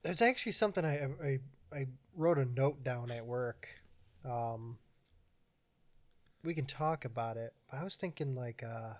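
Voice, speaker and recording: A man's voice: medium pitch, unhurried. A young man co-hosting a casual podcast, telling stories with lots of laughter and acted-out quotes. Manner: animated storyteller, laughs often, acts out movie lines. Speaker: podcast co-host. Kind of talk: casual chat.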